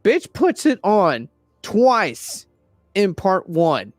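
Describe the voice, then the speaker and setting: A young man in casual chat, rambling and swearing a lot while retelling a story with animated energy. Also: high-pitched, very slow, no room sound, studio quality, soft background music. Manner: acts out quoted characters in raised voices. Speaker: podcast host.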